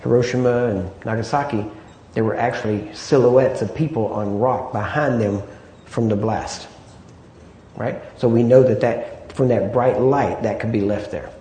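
A man's voice: medium pitch, normal speed, dark tone, reverberant, slight background noise. A man preaching a sermon in a conversational way, often checking in with the listeners through rhetorical questions.

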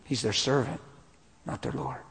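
Husky-voiced man preaching in an echoey hall. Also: medium pitch, moderate pace. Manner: emotional, swings from hushed to shouting. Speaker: pastor. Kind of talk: sermon storytelling. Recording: long hall reverb.

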